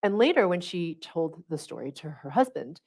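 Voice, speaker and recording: Middle-aged woman coaching her live viewers, lively and chatty, keeps asking "okay? right?". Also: on the low side, normal speed. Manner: animated, checks in with listeners often. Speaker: spiritual coach hosting a livestream. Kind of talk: casual teaching talk.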